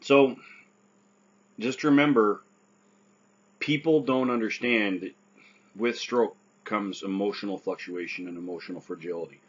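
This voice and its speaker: A man with a husky, fairly low voice talks earnestly about getting back to work, often asking "right?" as he goes. The recording is dull and lo-fi. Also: a little slow, pauses often. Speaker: stroke survivor giving advice. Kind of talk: casual advice talk.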